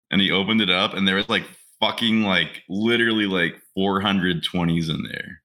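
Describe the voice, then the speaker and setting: A man's voice: low voice, moderate pace, pushed and bright. A man in his twenties, a podcast co-host, telling crude stories in brash, profane casual banter.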